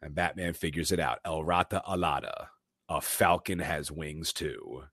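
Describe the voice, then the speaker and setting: A man's voice: very deep voice, moderate pace, no echo, clean studio sound. A man co-hosting a podcast, casually retelling a film's plot scene by scene and acting out the characters' lines. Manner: animated retelling, quoting characters. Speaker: podcast co-host. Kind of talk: casual movie recap.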